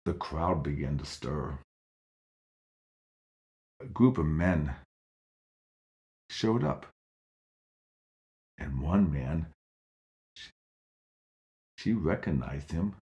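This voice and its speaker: A man's voice: a bass voice, lively intonation, drawn-out words, long pauses, mellow, lo-fi sound. A man narrating a children's Bible story expressively, with dramatic swings in delivery.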